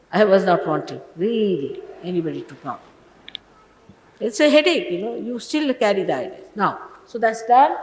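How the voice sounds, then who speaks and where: A woman's voice: lowish voice, reverberant, in a large hall, low-quality recording. An older woman giving an informal sermon to her followers as a spiritual teacher, emphatic and scolding, full of rhetorical questions, in an old archive recording.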